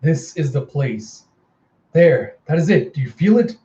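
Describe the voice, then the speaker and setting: A man voicing a coven of ancient witches who speak in slow, ritual chants. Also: a little high, animated, mellow, roomy sound, highs cut off. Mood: solemn.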